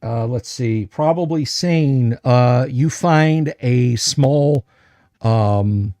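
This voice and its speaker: Slow, halting game master man. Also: medium pitch, warm tone, no echo. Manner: hesitant, many fillers and restarts; describes items slowly and carefully. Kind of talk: narrating a tabletop game livestream.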